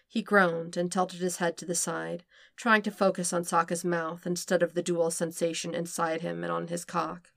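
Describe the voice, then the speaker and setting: A woman reading fan fiction aloud with steady, even narration. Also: fairly low pitch, creaky, no room sound, clean studio sound. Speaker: podfic reader.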